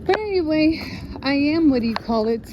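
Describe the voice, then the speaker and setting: A woman's voice: sits high, lively intonation, moderate pace, lo-fi sound. A woman from the Chicago area vlogging casually on a walk with her dog, rambling and searching for words with lots of fillers. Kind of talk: casual vlog chat while walking. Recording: noisy outdoor phone recording.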